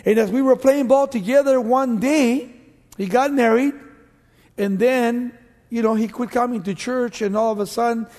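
A middle-aged male pastor preaching a sermon in an emphatic, animated way. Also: very high-pitched, normal speed. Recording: long reverb of a large hall.

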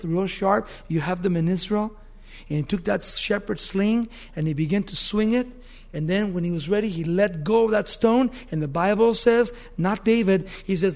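A man's voice: high voice, a little mellow. A man preaching a sermon, telling a story animatedly and asking his listeners questions.

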